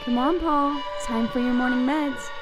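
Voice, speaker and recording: An actress voicing an eerie woman in a horror cartoon, pleading to be let in with a drawn-out, unsettling singsong. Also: high voice, fairly even intonation, lightly acted. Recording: loud music behind.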